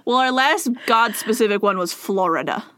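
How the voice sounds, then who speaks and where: Woman, casual chat, sarcastic, laughs a lot, lively sing-song pitch, dry close sound. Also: clean tone, no room sound. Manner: giggly, sarcastic, quick to laugh. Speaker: co-host guessing state mottos.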